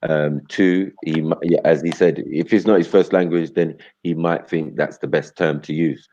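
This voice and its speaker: A man's voice: a bass voice, fairly even intonation, moderate pace, warm tone. A man chatting casually on a podcast, laid-back and thinking aloud as he weighs an argument. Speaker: podcast co-host. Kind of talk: casual chat. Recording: dull lo-fi sound.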